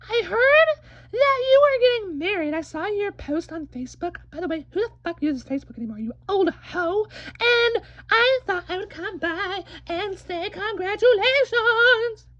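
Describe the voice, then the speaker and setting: Brassy foul-mouthed sister. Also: female voice, extremely high pitch, lively intonation, unhurried, no room sound, dull audio, heavily acted. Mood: brash. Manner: crass, sassy, loud. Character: brash foul-mouthed young woman, visiting sister. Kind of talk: comedic puppet-show acting.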